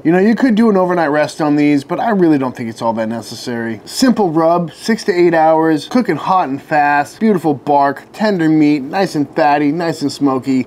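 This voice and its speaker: A man hosting a barbecue cooking tutorial, relaxed and upbeat, often calling the viewers folks. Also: a little high, slight background noise. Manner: savors the food aloud while tasting.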